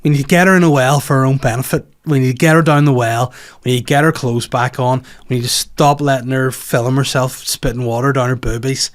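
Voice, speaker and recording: A man with a Northern Irish accent runs his own comedy podcast, talking in a loose, rambling, animated way. He swears freely and riffs from one tangent to the next. His voice sits at an ordinary middle pitch. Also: brisk. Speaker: podcast host. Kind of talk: casual comedic monologue.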